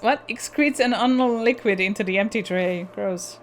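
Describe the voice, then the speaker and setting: A woman's voice: medium pitch, a little hiss or hum. Woman reading game text aloud, swearing. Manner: reads on-screen text aloud, breaks off with blunt swearing and quick asides. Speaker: video game player.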